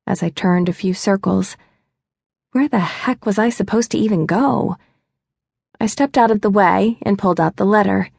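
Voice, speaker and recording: A woman's voice: mid-range voice, creaky, dry recording, studio quality. A young woman narrating a first-person romance audiobook in a wry, chatty, self-mocking way. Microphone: close studio mic.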